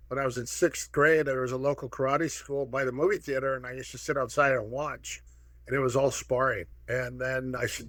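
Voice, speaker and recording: Guest in his sixties from Minnesota; animated anecdote-teller, dry close sound, mid-range voice. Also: medium pitch, a little fast, dry recording. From Minnesota, USA. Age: 60s. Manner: lively anecdotal, acts out quoted dialogue. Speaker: guest, martial arts pioneer. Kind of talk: casual storytelling.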